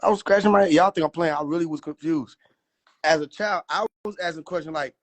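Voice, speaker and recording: A man's voice: a little high, fast talker. A man riffing in a casual livestream, profane, slangy and laughing often. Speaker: livestream host.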